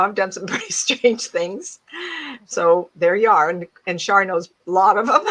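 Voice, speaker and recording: A woman in her seventies, a psychic medium giving a casual talk to an audience, animated and laughing often as she acts out other people's voices. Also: on the low side, rough recording. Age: 70s.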